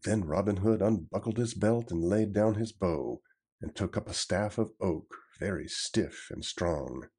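A man narrating a storybook tale in a measured, expressive reading. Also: sits low, slightly rough.

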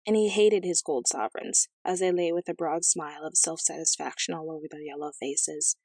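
A woman narrating a fairy tale as an audiobook, in a measured, gently expressive storytelling manner. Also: low voice, dry recording, studio quality.

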